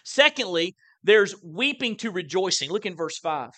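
A man preaches a sermon in a church. His voice sits high and sounds bright and ringing. He is earnest, and his pitch lifts whenever he quotes scripture. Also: lively intonation, normal speed. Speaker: pastor. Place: church sanctuary.

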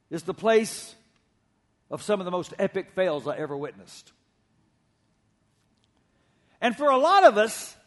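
A middle-aged man preaching a sermon to his congregation, telling stories with conversational humor. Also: high-pitched. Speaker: pastor. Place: church sanctuary.

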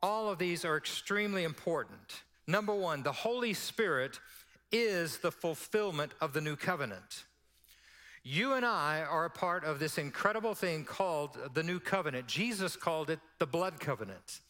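A man, preaching a sermon as pastor and telling stories in an animated way. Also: a little high, normal speed, big-room sound. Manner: storytelling, animated, drops to a hush for quoted prayer.

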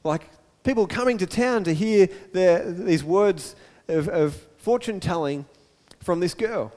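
Male preacher, high voice, animated storytelling, echoey hall. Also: a little slow. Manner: storytelling, animated, repeats words. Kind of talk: sermon.

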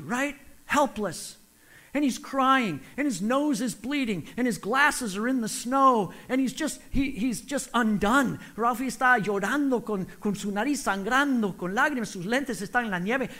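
A man's voice: very high-pitched, animated, moderate pace, bright, forceful tone. A male preacher who tells stories with animation and gives each line first in English and then in Spanish. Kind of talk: sermon with own Spanish interpretation.

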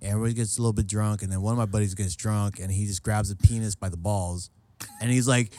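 A man in his late thirties hosting a podcast, telling stories in a loose, animated way, swearing, laughing and acting out what people said. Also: lowish voice, fast talker. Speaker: podcast host. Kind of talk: casual storytelling chat. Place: southern California.

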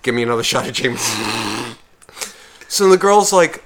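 A man co-hosting a podcast speaks at a moderate pace in a mid-range voice, pausing often. Chatting casually, he tells a story from a bar, swearing heavily and performing other people's lines in shifting voices.

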